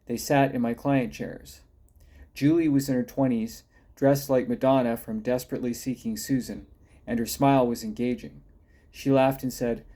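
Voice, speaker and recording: A man's voice: medium pitch, fairly even intonation, normal speed, mellow. A man reading his own detective story aloud, with a wry, folksy manner.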